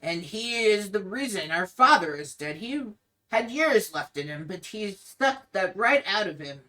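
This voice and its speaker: A woman voicing a grieving, protective young man who speaks in a somber, measured, apologetic way. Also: medium pitch, expressive, sharp tone, voice pushed up. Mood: firm.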